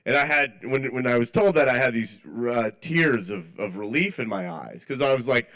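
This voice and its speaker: A man's voice: mid-range voice, expressive, fairly quick, hardly any pauses, fairly bright tone. Man, open mic comedian: rambling, self-mocking stand-up, lots of apologetic asides. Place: small cafe open mic.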